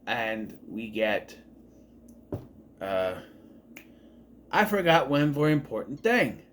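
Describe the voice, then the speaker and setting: A man's voice: mid-range voice, very animated, takes it slowly, fairly bright tone, a little hiss or hum. A man giving a casual, enthusiastic spoken review of a TV show, rambling and often correcting himself.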